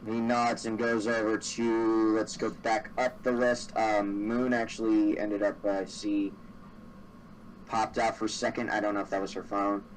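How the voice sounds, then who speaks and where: A man running a tabletop game as dungeon master, loose and rambling, pausing to think. His mic picks him up from a distance, with faint background noise. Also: lowish voice, little pitch movement. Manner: rambling, with many fillers.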